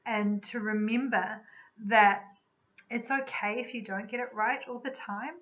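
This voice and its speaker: Woman teaching in a calm, reflective way. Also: fairly high pitch, unhurried. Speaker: energy medicine practitioner. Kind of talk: spoken teaching talk. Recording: slightly dull lo-fi recording.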